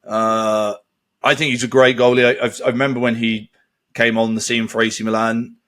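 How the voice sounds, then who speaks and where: Laid-back sweary bloke. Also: male voice, mid-range voice, level tone, moderate pace, a bit bright. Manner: sweary, laughs often, does mock voices. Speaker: podcast co-host. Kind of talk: casual chat.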